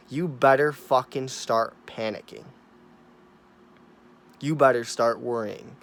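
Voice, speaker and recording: Profane, emphatic man ranting to camera. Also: mid-range voice. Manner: profane, emphatic, repetitive, swinging from mumbling to loud. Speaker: vlogger.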